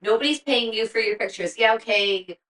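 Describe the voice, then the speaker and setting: A woman's voice: on the high side, normal speed, fairly bright tone, far from the mic. A woman co-hosting a casual chat, with blunt, wry remarks. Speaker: podcast co-host. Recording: roomy sound from off mic.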